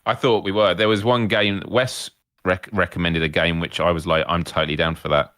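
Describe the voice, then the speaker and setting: A man co-hosting a casual livestream chat, easygoing, asking quick questions. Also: deep voice, flat delivery, a bit bright, smooth. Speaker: podcast co-host.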